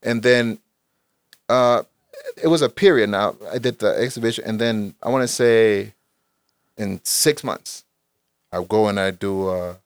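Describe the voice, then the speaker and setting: A man's voice: fairly low pitch, unhurried, pauses often, clear, resonant tone, no echo. Profane storyteller man saying "bro". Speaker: guest. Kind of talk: casual storytelling.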